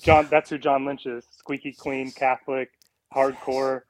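A man's voice: mid-range voice, level tone, a little slow, poor audio. A man calling in to a sports show, talking heatedly with frequent swearing. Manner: fired-up, profane, heated. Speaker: caller. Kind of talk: casual sports talk.

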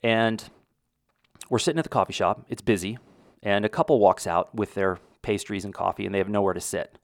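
This podcast host, a middle-aged man from the United States, delivers a casual monologue that wanders a bit and includes restarts. His fairly low voice runs a little fast, captured at studio quality with no echo.

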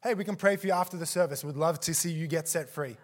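Animated high-voiced man preaching a sermon. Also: quick pace. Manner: animated, acts out quotes with gasps and laughs. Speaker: guest preacher. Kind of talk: sermon storytelling. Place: church service.

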